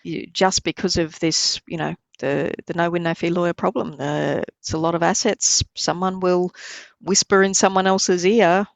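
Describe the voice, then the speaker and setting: A middle-aged woman, a lawyer giving measured, explanatory advice in a podcast interview. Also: fairly low pitch, fairly even intonation, vocal fry, no room sound. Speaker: lawyer guest.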